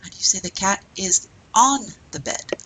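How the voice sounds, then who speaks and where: A woman teaching a French class, slowly modelling phrases and pronunciation for students to repeat. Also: medium pitch, animated, background noise. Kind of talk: classroom language lesson.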